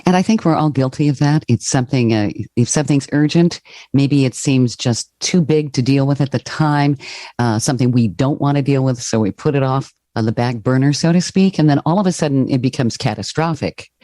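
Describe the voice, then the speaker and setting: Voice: medium pitch, fairly quick, dark tone, no echo, clean studio sound. A podcast host interviewing a guest, friendly and affirming.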